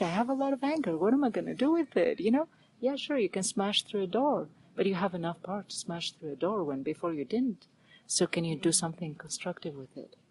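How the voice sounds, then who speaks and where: Low-voiced earnest woman guest. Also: a little hiss or hum, poor audio. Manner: earnest, animated, drops to whispers for emphasis. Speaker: podcast guest. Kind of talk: spiritual interview talk.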